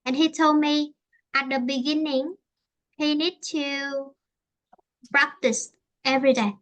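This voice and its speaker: This Vietnamese-accented woman gives an online English lesson in a high, bright, forceful voice with fairly even intonation. She explains haltingly, going back over her points to repeat and reword them.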